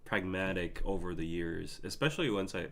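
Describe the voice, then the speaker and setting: A man's voice: low-pitched, normal speed, gravelly. A man, hosting a live stream and talking emotionally to his chat. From Korea. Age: 30s. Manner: emotional, laughing, pleading with chat. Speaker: podcast host.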